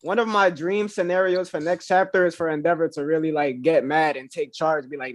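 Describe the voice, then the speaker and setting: A young man co-hosting a casual manga discussion, talking in excited, slangy banter. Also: fairly high pitch, a little fast, few pauses, no room sound. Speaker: co-host.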